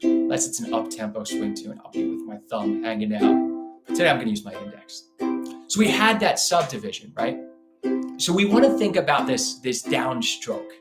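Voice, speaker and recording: A man teaching a live online ukulele lesson in a relaxed, chatty way, scatting rhythms aloud as he demonstrates. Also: mid-range voice, moderate pace, echoey room, over loud music. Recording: ukulele playing loudly behind the voice. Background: ukulele playing.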